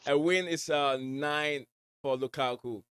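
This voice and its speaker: Smooth-voiced West African man chatting. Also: fairly high pitch, fairly even intonation, measured pace, fairly bright tone, dry recording, studio quality. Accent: West African blended with American. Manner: rambling, repeats words, many fillers. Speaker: livestream host. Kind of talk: casual fan chat reading viewer messages.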